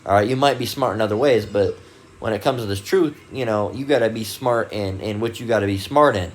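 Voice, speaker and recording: A man's voice: on the low side, fairly quick, a little hiss or hum. A man giving a casual, rambling Bible teaching talk, full of fillers and restarts, and reading dictionary definitions aloud. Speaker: religious video host.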